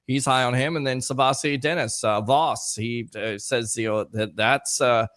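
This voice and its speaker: A male host of a sports talk show, talking fast and with emphatic energy. His voice sits at a middle pitch. The sound is close and dry. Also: fairly bright tone, clear, resonant tone, no room sound. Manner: hyped, quick and emphatic.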